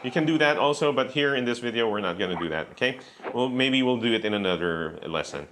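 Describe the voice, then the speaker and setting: A man's voice: medium pitch, animated, quick pace. A man teaching a beginner guitar lesson, patiently explaining and counting beats aloud, saying okay often. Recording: loud guitar playing behind the voice.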